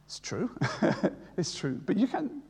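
Older guy preaching, bit high voice, repeats stuff for emphasis, echoey church hall. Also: wildly swooping pitch, slow, creaky, darkish tone, breathy edge. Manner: earnest, repeats key phrases for emphasis. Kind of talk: sermon.

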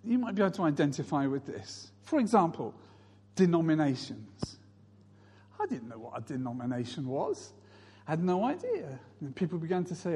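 Male preacher, husky high voice, storytelling sermon, reverberant hall. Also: big pitch swings, normal speed, warm tone. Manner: storytelling, mimics others in raised voices. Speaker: pastor.

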